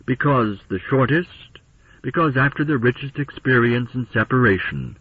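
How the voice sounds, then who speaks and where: A man's voice: medium pitch, expressive, normal speed, husky, dry recording, phone-quality sound. A man reading the lines of a playful, delighted woman from the far future, the narrator's lover, on an old radio broadcast. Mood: tender. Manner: teasing, delighted.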